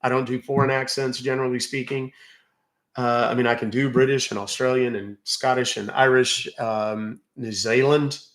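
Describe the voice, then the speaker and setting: A man's voice: medium pitch, level tone, moderate pace, fairly bright tone, reverberant. A man with a Southern American accent hosting a livestream, chatting casually with viewers, full of fillers and asides. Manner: chatty, drawling, many fillers. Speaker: livestream host. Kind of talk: casual livestream chat reading comments.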